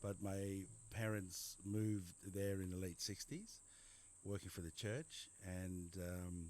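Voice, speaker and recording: His voice sits low, with a darkish tone and a slow pace. As a guest in a conversational interview, this middle-aged general practitioner from Papua New Guinea, who has an Australian accent, meanders through his life story, repeating himself and using many fillers.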